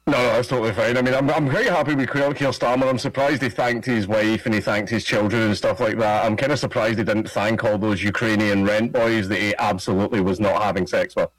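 Sardonic Scottish man, deep and dry. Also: fairly even intonation, quick pace, hardly any pauses, no room sound, poor audio. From Scotland. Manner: sardonic, laughing often. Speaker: comedian guest. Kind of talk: casual interview chat.

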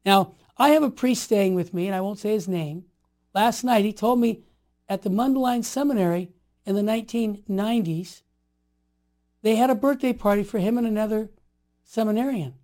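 A man in his sixties telling stories in conversation, emphatic and animated, dropping to quiet asides and rising to forceful exhortations. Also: high-pitched, moderate pace. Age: 60s. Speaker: guest. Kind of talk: storytelling in conversation.

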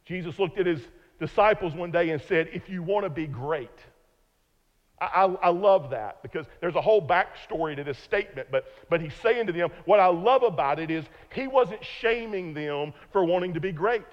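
Preaching man in a reverberant church. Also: high voice. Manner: emphatic, repeats words, slows for key lines. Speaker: pastor. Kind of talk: sermon. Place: church sanctuary. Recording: muffled long church reverb.

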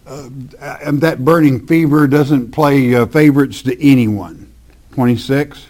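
A man's voice: medium pitch, a little slow, a little mellow. A man preaching a verse-by-verse Bible teaching, reading scripture aloud and explaining it emphatically in plain words with asides.

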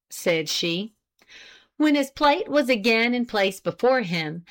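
A woman reading a story aloud as narrator, measured and expressive. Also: medium pitch. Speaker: audiobook reader. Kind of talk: scripted narration.

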